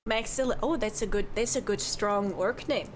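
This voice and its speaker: A woman's voice: medium pitch, normal speed, a little hiss or hum, natural voice. A woman voicing a chatty middle-aged male bartender with a folksy, rambling manner. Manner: folksy, rambling, keeps saying "don't you know".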